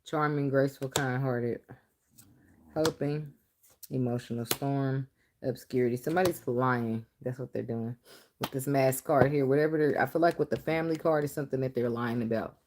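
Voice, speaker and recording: A woman's voice: very deep voice, normal speed, noisy background. A woman doing a casual tarot reading, talking bluntly with plenty of swearing and frequent laughter. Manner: blunt, profane, laughs often. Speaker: tarot reader.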